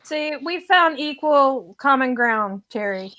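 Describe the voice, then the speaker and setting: A woman's voice: high voice, expressive, slow pace, pushed and bright, dry recording. A woman with a Texan accent, chatting and teasing on a video call. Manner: joking, teasing, laughs often. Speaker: guest. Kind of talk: casual video-call chat.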